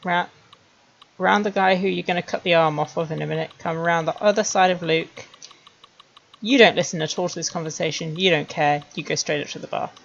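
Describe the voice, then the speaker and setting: A woman streamer chatting wryly to herself as she builds animated scenes, laughing at her own jokes. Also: fairly low pitch, fairly quick, vocal fry, highs cut off. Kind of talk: casual commentary while making a 3D animation.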